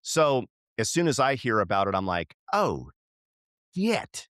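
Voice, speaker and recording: Middle-aged male podcast co-host, low-pitched, animated storyteller who acts out the lines of people in his story. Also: fairly quick, clear, resonant tone, dry recording, clean studio sound. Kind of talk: casual storytelling chat.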